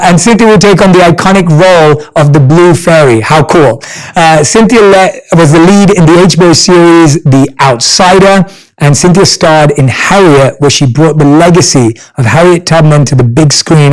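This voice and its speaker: Casual chatty host guy w/ a london accent, voice a bit on the high side. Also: normal speed, poor audio. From North London, England. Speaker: podcast host. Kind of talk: casual interview chat.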